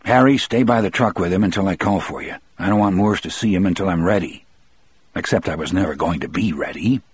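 Husky, low-voiced male audiobook narrator. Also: a little mellow, no room sound. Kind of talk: first-person audiobook narration.

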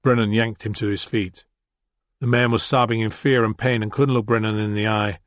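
Brief: man reading fiction aloud, steady and measured, low voice, dead-dry sound. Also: no room sound. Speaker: audiobook narrator. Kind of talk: scripted narration.

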